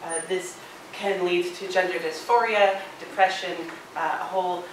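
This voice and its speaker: A woman's voice: fairly low pitch, steady tone, normal speed, a little hiss or hum. A young woman giving a casual class presentation, with frequent hesitations. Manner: informal, frequent "um" and "uh". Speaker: student presenter. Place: lecture room. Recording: echoey lecture hall, distant mic.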